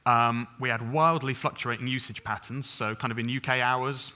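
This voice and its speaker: Bright-voiced man giving a tech talk. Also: mid-range voice, fairly even intonation. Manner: fast, chatty, full of ums and restarts. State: over-caffeinated. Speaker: conference speaker. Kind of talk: technical conference talk. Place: conference stage.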